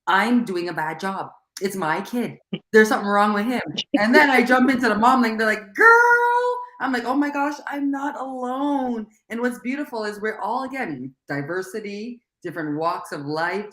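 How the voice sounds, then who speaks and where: A woman chatting animatedly, her speech coming in quick bursts with frequent restarts. The room around her rings with a noticeable echo, and her pitch sits in a middle range. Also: a bit bright. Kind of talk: casual conversation. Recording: echoey room.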